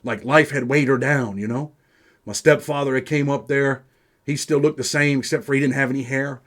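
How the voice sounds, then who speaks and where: A man's voice: mid-range voice, fairly even intonation, moderate pace, fairly bright tone. Streetwise New man telling stories. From New York. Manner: streetwise, profane, peppers speech with "man". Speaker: host. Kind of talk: casual first-person storytelling.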